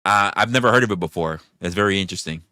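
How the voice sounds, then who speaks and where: Speaking low and at a racing pace, a man runs a live stream full of commentary and ranting, arguing with chat, cursing often and hurling rhetorical questions. He also reads out donations and thanks the donors, all in clean studio sound without echo.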